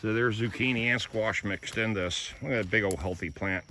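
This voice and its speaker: Walking through his rural garden outdoors, a man vlogs casually and tells folksy stories in a lowish, pushed, bright voice at a moderate pace. A little hiss or hum sits in the recording.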